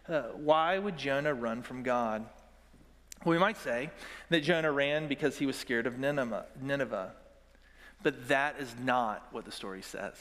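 A man's voice: medium pitch, a bit bright. A man delivers a sermon from the pulpit in an earnest, direct way, inviting his listeners to repeat lines back. His voice sits in a middle register. The sound carries a long reverb from the church hall. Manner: earnest preaching with congregational call-and-response. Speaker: pastor.

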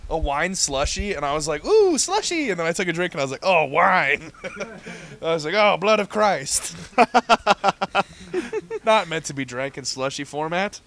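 A young man co-hosting a casual podcast, telling stories and acting out quoted people in high squeaky voices. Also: brisk, bright, forceful tone. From Midwestern US. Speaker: podcast co-host.

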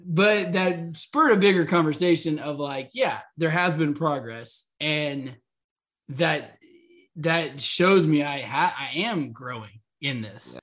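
Speaking slowly in a slightly high voice, this podcast co-host is an animated storyteller in casual conversation. He acts out the lines he quotes, laughing as he goes.

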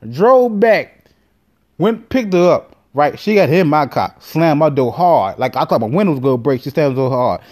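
A man hosting a podcast, telling a comic story in an animated, profane way with many fillers. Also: on the high side, normal speed. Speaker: podcast host. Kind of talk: comedic storytelling monologue.

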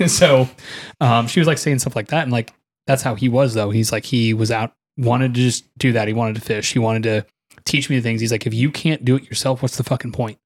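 A man's voice: mid-range voice, steady tone, moderate pace. A man co-hosting a podcast in casual chat, telling loose stories with frequent swearing and laughs. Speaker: podcast co-host.

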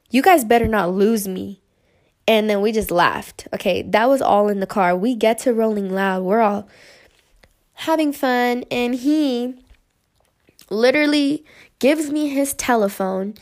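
Young woman, casual vlog storyteller, chatty and rambling. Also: mid-range voice. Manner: chatty, rambling, many "like" fillers.

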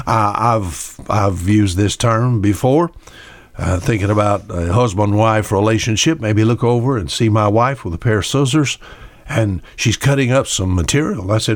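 A man's voice: fairly low pitch, normal speed, no echo. Folksy older man preaching on radio. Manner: folksy, conversational, repeats key words for emphasis. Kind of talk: radio sermon.

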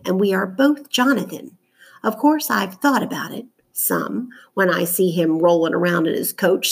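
A woman voicing a tired young apprentice boy who talks slowly and dryly, reading a storybook. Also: lowish voice, vocal fry, breathy edge, exaggerated voice.

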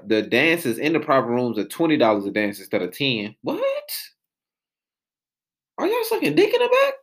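A man, telling a profane story as a podcast host and losing his train of thought. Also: medium pitch. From Atlanta, US South. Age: late 20s. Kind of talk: casual storytelling rant.

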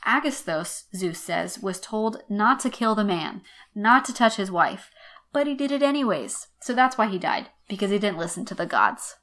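A woman hosting a podcast lesson, explaining an old text in a wry, chatty way and slowing down to read quotations. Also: mid-range voice, lively intonation, fairly bright tone. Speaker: podcast host teaching literature.

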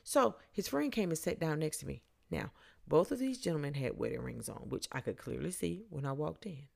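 A woman's voice: low voice, lively intonation, brisk, gravelly, darkish tone. A woman hosting a podcast, telling a story in a blunt, sarcastic, dry way. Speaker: podcast host. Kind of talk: casual storytelling.

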